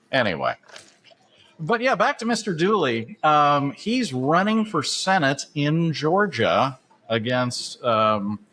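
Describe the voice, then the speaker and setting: A man in the middle of his range hosts a casual sports talk show. He rambles from one tangent to the next with a relaxed, conversational rhythm and frequent filler words. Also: medium pitch, slight background noise. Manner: chatty, many "uh" fillers, laughs at his own asides. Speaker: podcast host.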